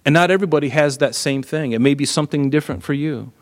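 A middle-aged man preaching a sermon in a conversational, animated way, full of rhetorical questions. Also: a little high, quick pace, in a large hall. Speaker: pastor.

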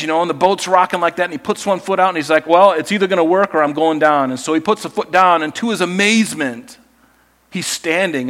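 Conversational male pastor preaching a sermon. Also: fairly high pitch. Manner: conversational, animated storytelling preacher.

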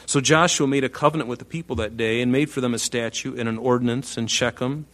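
A man preaching a sermon, swinging between quiet asides and loud bursts as he acts out the people he quotes. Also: mid-range voice, fast talker.

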